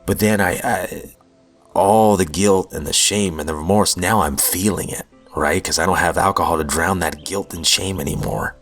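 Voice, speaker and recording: A man's voice: low voice, moderate pace, fairly bright tone, soft background music. A man hosting a recovery podcast, telling his own story in an earnest, heartfelt, self-deprecating way. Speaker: podcast host. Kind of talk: personal recovery testimony.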